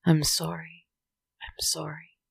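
A storyteller voicing a terrified, lost male pilot who begs in a hushed, tearful way. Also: mid-range voice, monotone, slow, creaky, slightly rough, no room sound, pitched above the performer's own voice, exaggerated voice. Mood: pleading tearful.

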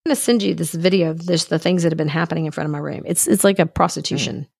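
Here a podcast co-host tells a story in relaxed conversation, her deep, creaky, husky voice racing along as she performs everyone else's dialogue. There's no room sound in the recording.

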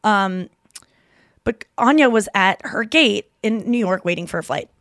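A woman's voice: medium pitch, expressive, a little slow, fairly bright tone, no echo, clean studio sound. A woman in her thirties hosting a podcast, chatting casually and retelling stories with quoted voices. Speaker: podcast host and comedian.

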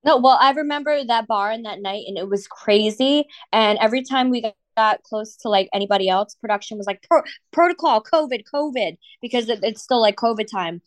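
A woman's voice: on the high side, a little fast, hardly any pauses, dry recording. Upset woman venting, dry close mic. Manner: emotional, swearing, filler-heavy. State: upset after crying. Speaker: podcast co-host. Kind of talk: casual chat.

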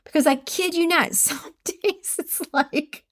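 A woman hosting a solo podcast, reading quotes aloud and chatting casually, laughing at her own slips in an animated way. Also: high-pitched, normal speed, no echo, studio quality. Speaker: podcast host.

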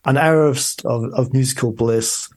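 A man's voice: medium pitch, moderate pace. A man, talking enthusiastically as a podcast guest. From Scotland. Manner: enthusiastic, promotional. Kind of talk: conversational interview.

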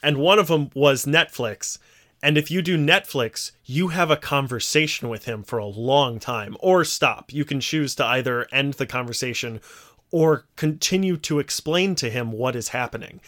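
A man's voice: mid-range voice, normal speed. A man co-hosting a casual podcast chat, retelling scenes at length and acting out the quoted lines. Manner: animated storyteller, acts out quoted lines. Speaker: podcast co-host.

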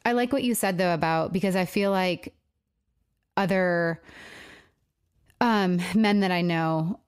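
A woman with a very low, smooth voice hosts a casual podcast chat. She speaks sympathetically and hedges her opinions with careful qualifiers. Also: measured pace. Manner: warm and sympathetic, hedging. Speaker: podcast host.

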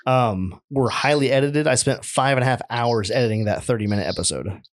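A man's voice: mid-range voice, a little fast, dry recording. A man hosting a podcast in casual chat, laid-back and teasing, laughing often as he talks into a studio microphone. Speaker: podcast host and editor.

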